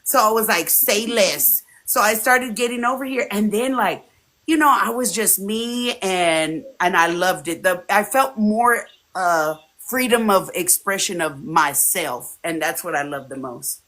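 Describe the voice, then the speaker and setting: A woman's voice: medium pitch, measured pace. A woman in her forties chatting casually as an interview guest, telling stories and acting out the voices of friends she quotes. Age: 40s. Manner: animated storyteller, often acting out quoted friends. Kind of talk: casual chat. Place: home streaming setup.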